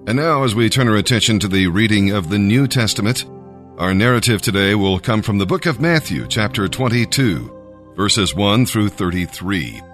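A man narrating a scripted devotional Bible reading, measured and emphatic. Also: lowish voice, lively intonation, fairly bright tone, faint music behind.

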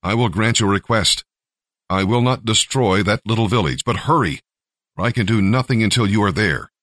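A man's voice: lowish voice, moderate pace, a bit bright, no room sound, studio quality, close to an everyday voice. A man voicing stern male angels who issue urgent, commanding warnings.

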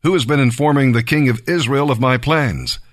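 A man's voice: medium pitch, fairly quick, close to an everyday voice. A man reading as an angry king. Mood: demanding. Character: angry suspicious male foreign king.

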